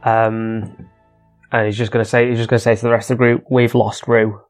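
A man playing a tabletop game, describing in a halting way what his character does. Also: on the low side, little pitch movement, soft background music. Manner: halting, hesitant, with restarts.

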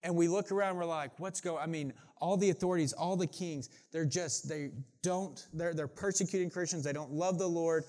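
A man's voice: on the high side, normal speed, few pauses, darkish tone. Man preaching a chatty sermon. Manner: conversational, frequent "like" and restarts. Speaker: pastor.

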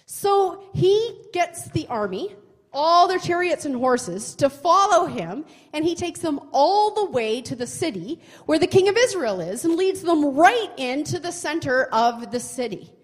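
Woman Bible teacher, high bright voice, very animated, chatty, long hall echo. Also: unhurried. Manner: chatty, expressive, asks the listener questions.

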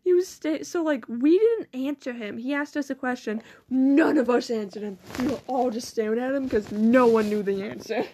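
A high-voiced teenage girl recounts classroom stories in loose, casual chat. She giggles through her sentences, swears casually and slips into animated voices when she quotes classmates and teachers. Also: normal speed, hardly any pauses, a little hiss or hum. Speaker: student. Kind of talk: casual storytelling.

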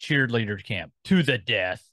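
A man's voice: medium pitch, animated, measured pace, pushed and bright, no echo. A man co-hosting a podcast in casual chat, rambling as he scrolls and reads out film listings. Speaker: podcast co-host.

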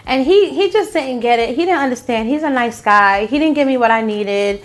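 A woman's voice: sits high, lively intonation, fairly quick, faint music behind. A young woman co-hosting a casual chat on camera, telling stories bluntly and with animation. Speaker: podcast co-host. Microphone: on camera, eating while talking.

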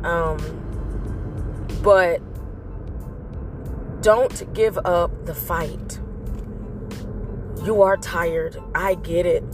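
A woman's voice: lowish voice, very slow, long pauses, over music. A woman hosting a motivational vlog, giving an earnest, faith-based pep talk that repeats its points to encourage listeners.

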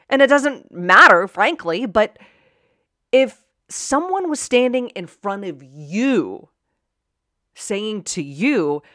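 A woman hosting a personal motivational talk, conversational, moving from quiet musing to loud, emphatic bursts. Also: medium pitch, very animated, takes it slowly, no room sound, studio quality. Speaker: podcast host.

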